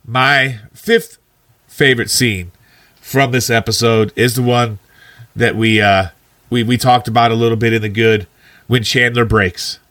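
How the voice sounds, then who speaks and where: Bright-voiced enthusiastic man chatting. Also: medium pitch, steady tone, unhurried, no echo. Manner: enthusiastic, laughs often, restarts words. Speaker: podcast co-host. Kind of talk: casual chat reviewing a sitcom episode.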